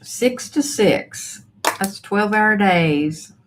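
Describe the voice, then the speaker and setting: Chatting casually on a livestream from home, a woman reads her viewers' messages and says hello to them by name. Her mid-range voice is animated yet slow, and faint background noise runs through the recording.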